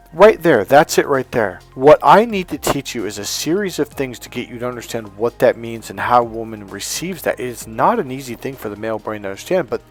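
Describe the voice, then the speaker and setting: A man coaching on dating, lecturing emphatically with stories and repeated points over faint background music. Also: medium pitch. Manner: emphatic, repetitive lecturing with anecdotes. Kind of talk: teaching to camera.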